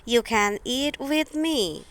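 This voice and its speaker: A woman's voice: a little high, slow pace, a bit bright. A woman voicing a kindly motherly field mouse in a children's storybook.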